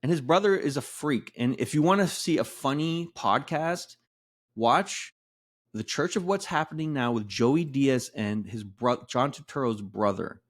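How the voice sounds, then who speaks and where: A man's voice: medium pitch, lively intonation, a little slow. A man hosts a loose podcast chat, brash and foul-mouthed, reeling off film titles one after another. His voice sits in an ordinary middle register. He needles his co-hosts and talks himself up. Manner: brash, swears freely, rattles off lists. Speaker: podcast host. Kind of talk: casual podcast banter.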